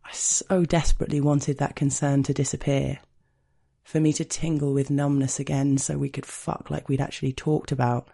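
A man narrates an erotic first-person story in an unhurried, hushed, confiding manner. His voice is dark and mellow, with a gravelly fry running through it. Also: fairly high pitch, level tone. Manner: slow, intimate, hushed storytelling.

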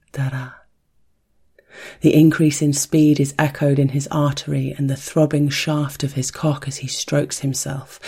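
A storyteller giving an intimate audio story narration in a soft, hushed voice that slips into whispers, softly chanting a rhythmic heartbeat sound. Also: medium pitch, breathy edge.

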